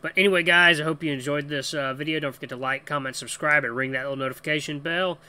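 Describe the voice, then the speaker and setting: Upbeat gaming host with a bright voice. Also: male voice, fairly high pitch, steady tone, quick pace, clean tone. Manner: enthusiastic, rambling with fillers. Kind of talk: let's play commentary.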